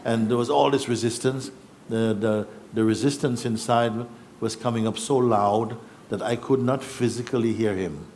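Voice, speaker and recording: A man giving a spiritual talk, telling a personal story in an unhurried, reflective way with soft laughs and hesitations. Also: medium pitch, steady tone, a little hiss or hum. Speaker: spiritual teacher. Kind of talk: satsang storytelling. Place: satsang gathering in Rishikesh.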